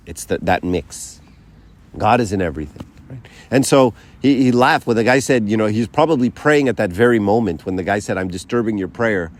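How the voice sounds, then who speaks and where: Man, very low voice, casual teaching talk to a group, acts out quotes, checks in with "right?". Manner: conversational, many fillers and asides like "right?"; tells stories by acting out quotes. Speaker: speaker giving a faith talk.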